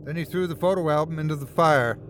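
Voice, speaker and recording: A man narrating a horror story in a measured, dramatic way. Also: fairly high pitch, over music.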